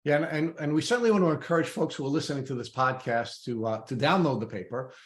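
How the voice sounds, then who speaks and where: Halting male podcast host, roomy sound. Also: a little high. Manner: halting, many restarts and repeated words. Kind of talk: interview podcast conversation. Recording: roomy echo.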